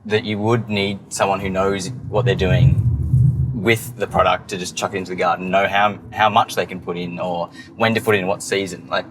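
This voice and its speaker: A laid-back man chatting from the driver's seat, with a very low voice. He talks in an offhand, relaxed way. Clear road and engine noise runs under him. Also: brisk. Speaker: podcast co-host, driving. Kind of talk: casual chat while driving. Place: inside a moving car. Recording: car noise behind.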